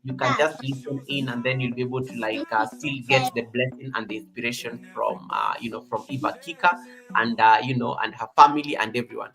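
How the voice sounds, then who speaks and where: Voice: mid-range voice, steady tone, fairly quick, a bit bright. A livestream host with a Kenyan accent, chatting casually, reading out viewer comments and repeating phrases. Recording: music playing behind the voice.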